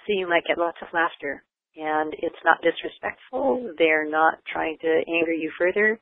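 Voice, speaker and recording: Older speaker explaining calmly over phone-like radio. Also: mid-range voice, moderate pace, no echo. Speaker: parenting educator. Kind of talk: explanatory talk on parenting. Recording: narrow phone-like radio sound.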